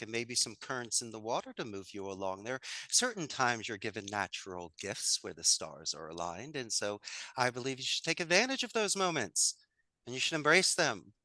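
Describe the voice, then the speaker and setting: An upbeat man talking as a guest on an interview show. His voice is bright and forceful, and he delivers motivational advice with enthusiasm. The sound is dry and close, with no room around it. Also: mid-range voice, dry recording. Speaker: guest, business owner. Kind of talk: casual interview chat.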